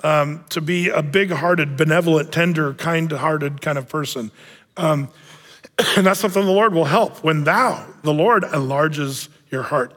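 A pastor delivers a sermon in a relaxed, conversational style, his fairly high voice sitting a bit above the typical male range. He often pauses on little fillers and restarts phrases. A long reverb suggests a large hall.

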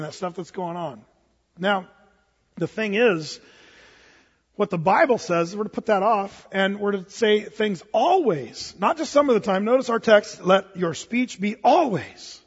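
A man preaching a sermon as pastor, telling stories in a lively way, with many restarts and fillers. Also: high voice, husky, long reverb tail, lo-fi sound.

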